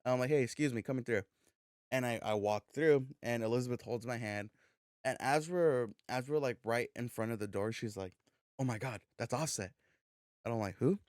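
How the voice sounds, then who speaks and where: Animated man telling a story, swearing. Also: medium pitch, fairly quick, no room sound, studio quality. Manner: animated, swears freely, acts out dialogue. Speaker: podcast co-host. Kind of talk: casual storytelling chat.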